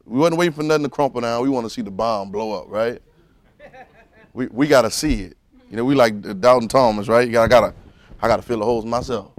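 A man preaching a sermon, moving from low musing to loud fervent preaching and calling out to the congregation. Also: fast talker. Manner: calls out to the congregation.

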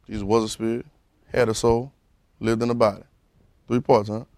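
A man preaching a sermon, moving from low musing to loud fervent preaching and calling out to the congregation. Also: little pitch movement, moderate pace, dry recording, studio quality. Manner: calls out to the congregation.

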